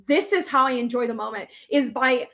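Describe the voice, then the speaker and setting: A woman's voice: fairly high pitch, a little fast, a bit bright. A young woman hosting a casual live chat, rambling with many fillers and laughing often. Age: young adult. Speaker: livestream host reading comments.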